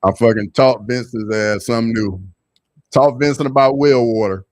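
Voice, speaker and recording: A young man with a Southern accent, hosting a casual livestream and reading chat, loose and slangy, jumping to loud excited bursts. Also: mid-range voice, normal speed, dry recording, studio quality.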